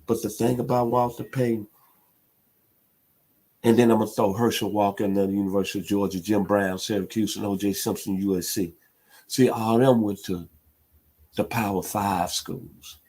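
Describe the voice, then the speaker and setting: A low-voiced, middle-aged Memphis man, speaking at a moderate pace with little pitch movement, runs a sports talk radio program. His monologue is passionate and forceful, climbing repeatedly to loud high points.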